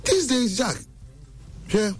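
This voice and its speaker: A man, talking slowly in a casual discussion. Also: extremely high pitch, big pitch swings, soft background music.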